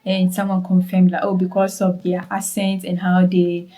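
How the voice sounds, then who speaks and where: A woman's voice: lowish voice, monotone, normal speed, heavy background noise. Chatty Ghanaian woman vlogging. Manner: chatty, repeats words for emphasis, asks viewers directly. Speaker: travel vlogger. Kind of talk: casual travel vlog chat.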